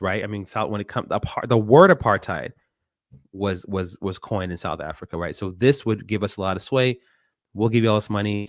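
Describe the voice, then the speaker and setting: A man hosting a live forum, speaking in an animated, unscripted way and quoting others in a raised voice. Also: on the low side, no room sound, studio quality. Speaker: forum host. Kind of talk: live commentary talk.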